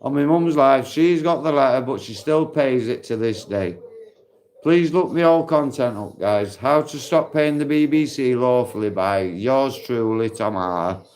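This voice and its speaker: A man's voice: medium pitch, unhurried, a little mellow. A man chatting bluntly and matily to viewers on a live stream, swearing freely, speaking into a phone outdoors in a park. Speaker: livestream host.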